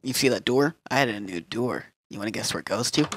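A man's voice: fairly low pitch, lively intonation, fast, few pauses, a bit bright, slight background noise. A man giving rambling, goofy gameplay commentary, swearing often as he plays. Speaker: let's player.

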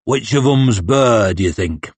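A man voicing a huge grey-bearded Northman war leader who speaks slowly and sounds menacing. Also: animated, breathy edge, no room sound. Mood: probing. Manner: slow rumbling delivery with a booming laugh. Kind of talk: audiobook character voice.

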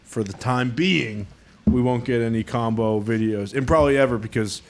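A man co-hosting a podcast, joking loudly in rowdy group banter. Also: medium pitch, moderate pace, noisy background. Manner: loud, joking, swings up into squeals. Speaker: podcast co-host.

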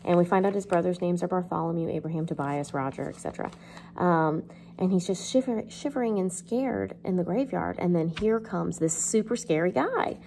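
A woman English teacher walks through a novel in a relaxed, chatty way, with plenty of "um"s and "you know"s. Her voice sits fairly low and carries a gravelly fry, and faint ambient noise hums behind it. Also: brisk. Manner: chatty, lots of fillers, jokes. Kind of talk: casual literature lesson.

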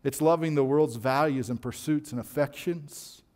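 A man preaching a sermon as pastor, reading scripture and telling a story from his own life, rising to near shouts when he acts out quoted voices. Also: fairly high pitch, moderate pace.

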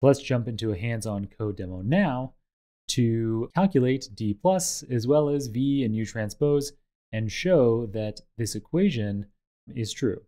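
A man teaching a tutorial, explaining step by step in a measured way over slides and a code demo. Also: fairly low pitch, mellow. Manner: measured, explanatory, with occasional fillers. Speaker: instructor.

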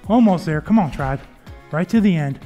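A man's voice: a little high, lively intonation, moderate pace, mellow, lo-fi sound. A man leading a workout as a fitness coach, upbeat and encouraging as he counts reps and cues form. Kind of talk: workout instruction. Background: faint background music.

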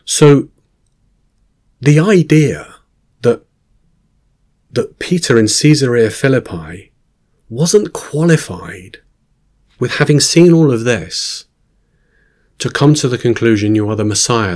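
A man's voice: lowish voice, expressive, a little slow, pauses often. A man giving a reflective Bible teaching, earnest and thoughtful, often quoting scripture. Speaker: Christian teacher.

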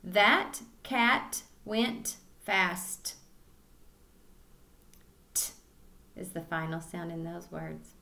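A woman leads a kindergarten phonics lesson, stretching each word out very slowly and sounding out every syllable with care. Her voice sits at an ordinary middle pitch, patient and deliberate, pausing between repetitions so small children can follow. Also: fairly bright tone. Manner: slow, drawn-out, clearly enunciated word drills. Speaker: kindergarten teacher.

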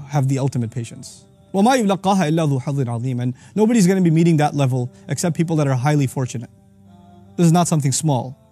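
A man teaching on scripture in an energetic explanatory talk, reciting verses quickly and then explaining them. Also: on the high side. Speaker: Quran teacher.

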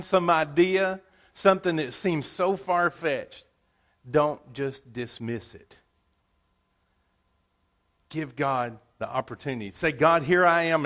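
A man's voice: on the high side, fairly bright tone. A man preaching a sermon to his church in a folksy, repetitive style. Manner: folksy preaching with repeated phrases. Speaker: pastor. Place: church sanctuary.

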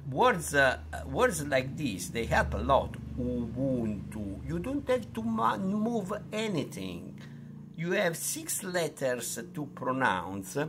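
A middle-aged man with an Italian accent, a language tutor who teaches pronunciation in a slow, unhurried way full of fillers and restarts. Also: on the high side, big pitch swings, fairly bright tone, slight background noise.

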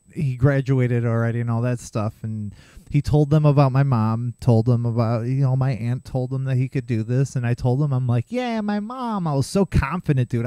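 In a casual storytelling monologue, a thirty-something man with a mellow, mid-range voice recounts a rambling tale from his younger days on his solo podcast. He swears heavily and pokes fun at himself along the way, with no room sound in the recording.

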